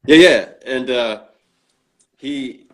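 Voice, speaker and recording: Male interview guest, mid pitch, casual storyteller who acts out quotes and uses lots of fillers. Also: extremely slow, a bit bright. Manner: acts out quoted dialogue in his stories; frequent restarts and fillers.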